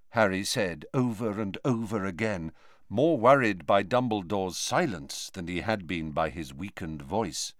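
Expressive male audiobook narrator. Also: low-pitched, unhurried, dry recording, clean studio sound. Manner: expressive, dramatic reading. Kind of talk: scripted storybook narration.

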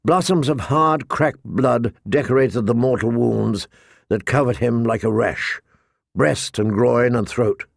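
A man narrating an audiobook in a slow, measured reading. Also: medium pitch, gravelly, dry recording, clean studio sound.

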